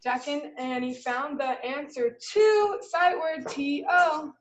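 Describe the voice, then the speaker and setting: A young woman teaching kindergartners, her voice pitched high. She talks slowly and patiently, stretching words out and spelling them letter by letter as she shows how to write a sentence. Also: lively intonation, rough recording. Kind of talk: live online lesson, modeling writing.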